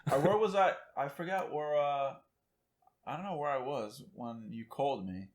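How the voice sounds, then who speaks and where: A man's voice: fairly high pitch, normal speed. A man co-hosting a podcast in casual chat, easygoing, with short slangy reactions. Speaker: podcast co-host.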